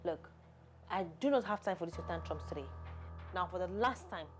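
A woman's voice: lowish voice, animated, normal speed, soft background music, close to an everyday voice. A woman playing a young stepmother who scolds sharply and defends herself, in a family drama skit. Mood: irritated. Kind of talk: amateur family drama acting.

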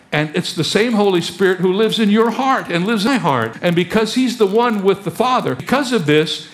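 A man preaching a sermon as pastor, animated and fond of rhetorical questions. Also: fairly high pitch.

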